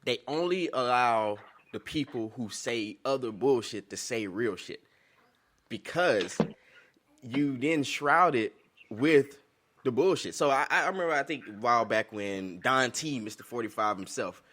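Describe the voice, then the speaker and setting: A man's voice: mid-range voice, expressive, measured pace, a bit bright. A man hosting a podcast in casual chat, telling loose stories and quoting people in a put-on voice. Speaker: podcast host.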